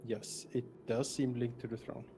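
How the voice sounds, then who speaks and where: A man running a tabletop game as dungeon master, describing scenes with frequent pauses and fillers. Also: medium pitch, flat delivery, mellow, a little hiss or hum.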